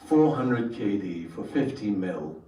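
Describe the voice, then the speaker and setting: A man's voice: fairly low pitch, animated, slow pace, mellow, slight background noise. A man leading a workshop for entrepreneurs, telling a story and putting questions to his audience. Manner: engaging, asks the audience questions. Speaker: workshop trainer. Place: workshop room. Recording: echoey room, voice from far off.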